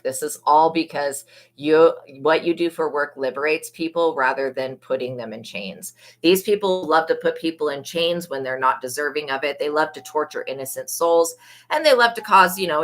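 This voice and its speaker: A woman's voice: sits low, fairly bright tone, low-quality recording. A young woman giving a casual tarot reading, blunt and gossipy, swearing freely. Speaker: psychic tarot reader.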